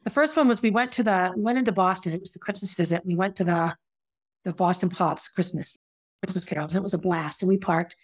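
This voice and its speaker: A woman's voice: on the low side, brisk. Woman candidly recounting her own story. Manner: conversational, with frequent restarts and asides; reflective and confessional. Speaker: podcast host telling her own story.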